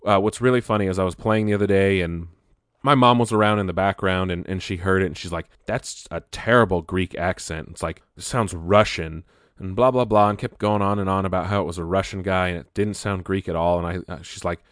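A man's voice: deep voice, steady tone, quick pace, smooth, no echo, clean studio sound. A young man chatting casually about gaming news, rambling with frequent restarts and stumbles. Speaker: gaming video host.

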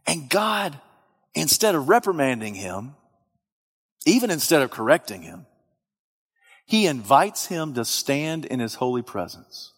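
A man preaching a sermon with dramatic swings from loud to hushed. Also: mid-range voice, sing-song, a little slow, slightly rough, big-room sound.

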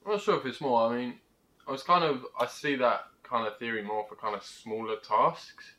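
A man's voice: medium pitch, normal speed, bright, forceful tone, poor audio. A young man co-hosting a podcast, explaining his ideas through everyday examples in casual chat. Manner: explains with examples and acted quotes. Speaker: podcast co-host.

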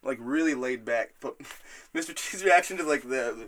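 A man hosts a loose, casual podcast, telling stories in a rambling, profane and animated way. His voice sits at a medium pitch. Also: normal speed, slight background noise. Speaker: podcast host.

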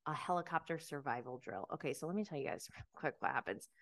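Recapping reality TV in a casual chat, a woman podcast host talks fast and animatedly, laughing a lot and leaning on "like." Her voice sits low, gravelly yet fairly bright.

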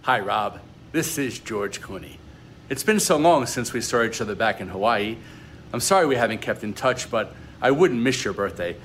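A man doing a George Clooney impression in a recorded birthday message, slow and low. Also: animated, fairly bright tone, a little hiss or hum, natural voice. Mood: smooth.

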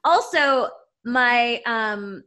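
A woman's voice: a little high, animated, very slow, bright, forceful tone. A woman in her forties with a Southern US accent, co-hosting a podcast in casual, chatty talk with easy laughs. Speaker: podcast co-host. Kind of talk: casual chat.

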